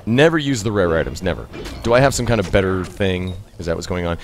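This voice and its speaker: A man chatting casually as he plays a game, laughing often and reacting out loud to the action. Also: sits low, very animated, quick pace, hardly any pauses, soft background music. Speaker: streamer and host. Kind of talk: casual gameplay commentary.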